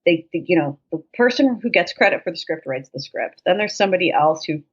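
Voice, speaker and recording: Podcast guest, woman: jokey, profane, animated storyteller, somewhat low voice, muffled lo-fi sound. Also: a little fast, husky. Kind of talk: casual chat. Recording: dull lo-fi sound.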